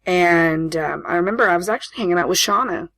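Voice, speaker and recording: A woman's voice: fairly low pitch, quick pace, a bit bright, no echo. A woman in her late twenties, a podcast co-host chatting casually, laughing often and acting out the voices in her stories. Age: late 20s. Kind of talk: casual chat, storytelling.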